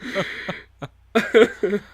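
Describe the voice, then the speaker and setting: A man's voice: high voice, steady tone, very slow, husky. A man co-hosting a casual podcast chat, laughing often between lines. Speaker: podcast co-host.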